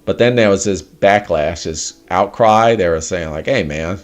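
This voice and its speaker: A man hosting a casual livestream chat, animated, laughing often and swearing casually. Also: deep voice, normal speed. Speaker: livestream host.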